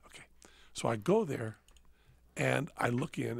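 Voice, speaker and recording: A man's voice: mid-range voice, normal speed, creaky, pauses often, breathy edge, no echo. A man hosting a podcast, telling a self-mocking story and acting out the dialogue. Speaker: host. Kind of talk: casual storytelling chat.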